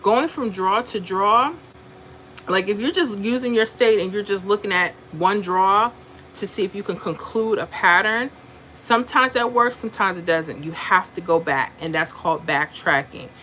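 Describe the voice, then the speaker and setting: Woman livestream host, conversational and thinking aloud, mid-pitched, faint noise behind. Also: normal speed, pushed and bright. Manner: chatty, reads viewer comments, thinks aloud over numbers. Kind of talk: casual livestream chat.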